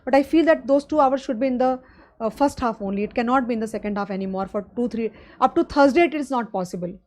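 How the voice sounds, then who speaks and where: A woman's voice: on the high side, quick pace. A middle-aged woman with an Indian English accent, giving a live online finance lecture and talking students through each step. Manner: explains step by step, addresses students as guys. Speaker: finance exam teacher. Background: loud drums of a street festival.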